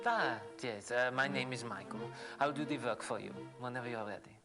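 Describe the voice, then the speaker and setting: Man as a courteous lab worker, posh British accent, calm and precise, game music behind. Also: medium pitch, a little fast, close to an everyday voice. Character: polite German male university lab worker. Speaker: lab assistant.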